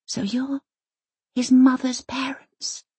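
A woman's voice: high-pitched, level tone, slow, darkish tone, breathy edge, dry recording, voice pushed up, exaggerated voice. A woman voicing a small, curious, wary girl in an audiobook reading. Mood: wondering.

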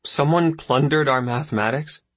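A man puts on a young boy who is anxious and curious. The voice rises high above the narrator's own and sounds eager and pleading. It stays husky, in a dry, close storybook reading. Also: moderate pace, a bit bright, no room sound, lightly acted. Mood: puzzled.

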